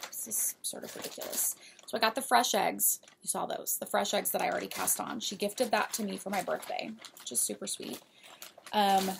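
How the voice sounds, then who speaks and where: A woman's voice: mid-range voice, gravelly, slight background noise. A woman hosting a knitting podcast, chatting casually and giggling as she talks straight to her viewers. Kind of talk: casual show-and-tell of yarn purchases.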